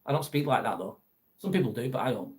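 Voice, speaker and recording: A man's voice: medium pitch, lively intonation, fast. A man hosting a casual livestream, chatting bluntly with viewers and swearing freely. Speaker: livestream host reading viewer chat. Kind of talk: casual live chat.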